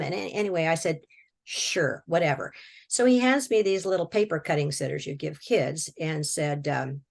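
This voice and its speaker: A woman from Washington state with a slightly low voice tells a long personal story as an interview guest. Her talk is folksy and plainspoken, with repeated words and quick little laughs. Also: gravelly. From Washington state, USA. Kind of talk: personal storytelling, recounting a near-death experience.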